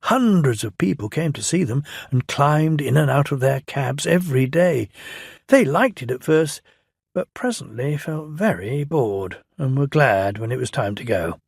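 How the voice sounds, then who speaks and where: A man with a British accent reading a children's storybook aloud in a gentle, measured way. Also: medium pitch, animated, creaky, slightly rough, no echo, studio quality.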